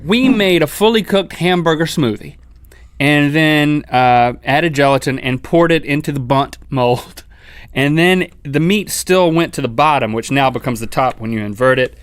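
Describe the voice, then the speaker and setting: A man co-hosting a comedic food-tasting show, with playful, exaggerated excitement. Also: fairly high pitch, moderate pace, clean tone, no echo. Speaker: co-host.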